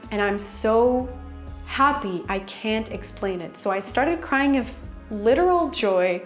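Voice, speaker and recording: A young woman chatting excitedly in a casual storytime vlog, full of "like" fillers. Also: on the high side, takes it slowly, over music. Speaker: vlogger.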